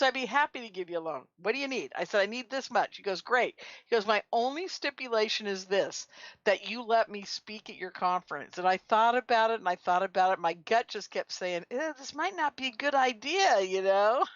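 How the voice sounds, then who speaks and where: A woman guest on a radio talk show, telling lively stories and laughing often. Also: a little high, dry recording. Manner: animated storyteller, laughs often. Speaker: guest, conference organizer. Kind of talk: casual radio chat. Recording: muffled lo-fi audio.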